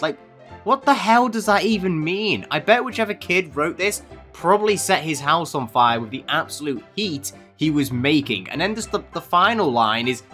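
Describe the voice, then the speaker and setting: A man's voice: on the high side, expressive, moderate pace, fairly bright tone, faint music behind. A man doing comedic reaction commentary, sarcastic and mocking, with lots of rhetorical questions. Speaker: commentary youtuber.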